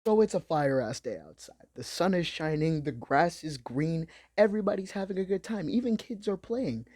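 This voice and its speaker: Animated, profane young male recap commentator. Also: a little high, moderate pace. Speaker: commentary host. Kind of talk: comedic anime recap commentary.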